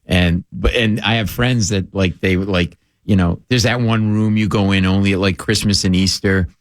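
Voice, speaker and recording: A middle-aged man from Rhode Island, a guest comedian telling rambling, animated stories in casual chat. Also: sits low, normal speed, no echo. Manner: rambling, animated, full of "like" and asides. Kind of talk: comic storytelling in casual chat.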